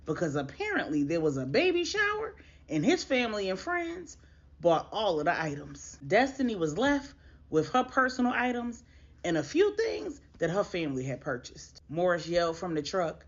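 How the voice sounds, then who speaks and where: A woman narrating a grown-up story in a casual, conversational way, talking straight to her listeners. Her pitch rises and falls a lot, and the recording sounds dull and lo-fi. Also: moderate pace. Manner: conversational, lively, addressing listeners.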